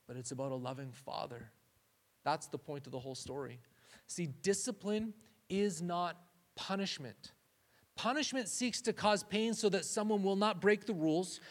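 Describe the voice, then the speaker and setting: A man's voice: fairly high pitch, fairly bright tone. A man giving a conversational sermon, often restarting phrases and saying "like". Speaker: preacher.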